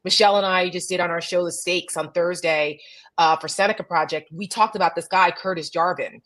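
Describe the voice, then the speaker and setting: A woman's voice: on the low side, steady tone, brisk, fairly bright tone, rough recording. A woman co-hosting a casual political chat show over a video call, talking bluntly and with animation, cursing now and then. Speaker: co-host.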